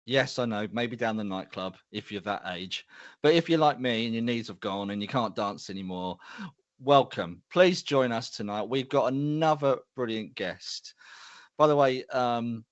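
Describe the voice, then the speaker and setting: A man's voice: medium pitch, normal speed, no echo, lo-fi sound. A middle-aged man hosting a live show, chatty and self-deprecating as he greets viewers by name. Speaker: host.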